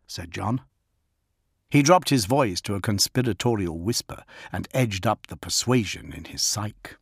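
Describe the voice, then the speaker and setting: A man reading scripted audiobook narration in a measured, expressive way. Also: low-pitched, vocal fry, husky, no echo, studio quality.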